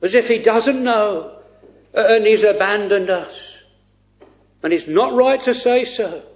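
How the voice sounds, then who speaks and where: A man preaching a sermon in an earnest, hesitant way with frequent pauses. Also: sits high. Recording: dull lo-fi recording.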